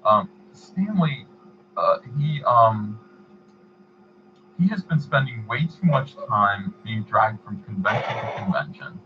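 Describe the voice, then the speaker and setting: A man hosting a livestream, chatting casually and reading donations, in a rambling, halting way. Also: lowish voice, animated, highs cut off, a little hiss or hum. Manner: rambling, halting, many fillers and restarts. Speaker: livestream host.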